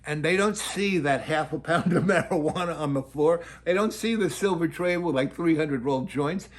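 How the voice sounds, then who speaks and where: A man's voice: on the high side, normal speed. Rambling older man telling a story. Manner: loose, digressive, acts out quotes.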